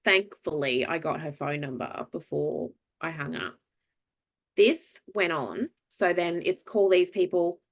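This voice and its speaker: Lively Australian woman telling a story. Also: fairly low pitch, measured pace. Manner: animated storyteller, acts out quoted voices, many fillers. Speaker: podcast co-host. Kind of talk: casual storytelling chat.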